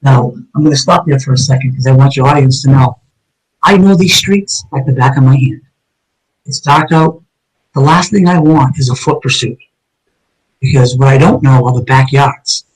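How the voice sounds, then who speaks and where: A man's voice: mid-range voice, normal speed, breathy edge, low-quality recording. A middle-aged man, a retired detective, telling his story as an interview guest in a vivid, intense way, often restarting and repeating words. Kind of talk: dramatic first-person storytelling in an interview.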